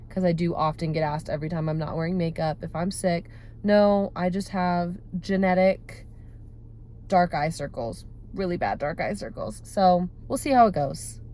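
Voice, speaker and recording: Holding her phone close while parked in her car, a woman in her thirties does a casual vlog chat. She speaks in a lowish, darkish voice with slight background noise, rambling with many fillers and putting herself down.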